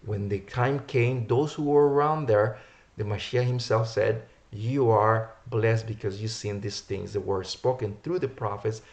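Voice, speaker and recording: A man's voice: on the low side, steady tone, a little slow, a little mellow. Give me a man preaching emphatically, reading scripture aloud and repeating key words. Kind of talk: sermon teaching from scripture.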